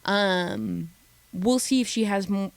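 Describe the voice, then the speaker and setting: Gossipy woman with a gravelly edge. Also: mid-range voice, dry recording. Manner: chatty, gossipy, mimics cast members in quick voices. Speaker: reality show recapper. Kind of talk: casual recap commentary.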